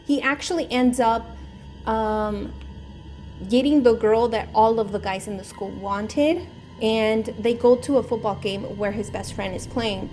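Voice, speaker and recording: A woman's voice: fairly high pitch, a little slow, darkish tone, faint music behind. A woman hosting her own channel, casually retelling a movie plot in a rambling way, full of "like" and "um". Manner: rambling, heavy use of "like" and "um". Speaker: savings channel host.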